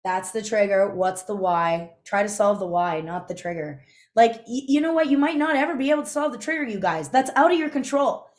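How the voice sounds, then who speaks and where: A woman's voice: medium pitch, expressive, fairly quick. A young adult woman teaching a live online class in a chatty, conversational way, often checking in with her listeners. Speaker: instructor. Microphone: video call.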